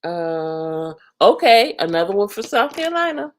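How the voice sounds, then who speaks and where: A woman hosting a casual live stream, chatting with her viewers in a lively, talkative way and laughing often. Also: medium pitch, moderate pace. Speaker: livestream host.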